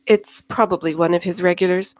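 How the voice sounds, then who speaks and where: A woman's voice: fairly low pitch, steady tone, fairly quick, close to an everyday voice. A woman voicing Eva, a poised female dance-house owner with polite, formal phrasing, plainly worried underneath.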